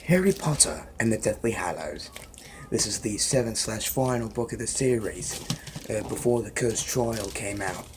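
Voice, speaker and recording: A man's voice: on the low side, lively intonation, normal speed, noisy background. A man vlogging casually as he reads book passages aloud, giggling and joking between lines. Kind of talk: casual reading-aloud vlog.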